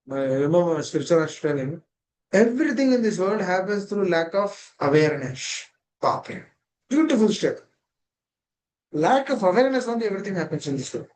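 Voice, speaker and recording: A man's voice: high voice, darkish tone, low-quality recording. A man gives a devotional scripture class over a video call. He keeps asking rhetorical questions and linking ideas with "that means.".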